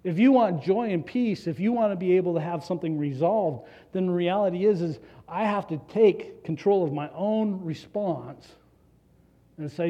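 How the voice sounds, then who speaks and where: A man's voice: sits high, animated, moderate pace, mellow. A man preaching a conversational sermon as a pastor, earnestly putting rhetorical questions to the congregation. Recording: dull lo-fi recording.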